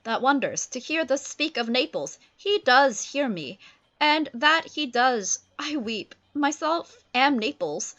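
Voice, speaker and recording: A woman's voice: high voice, big pitch swings, takes it slowly, a bit bright, highs cut off, pitched above the performer's own voice, exaggerated voice. A woman voicing Ferdinand, an ardent young shipwrecked prince, declaiming Shakespeare in a raised voice. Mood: grieving.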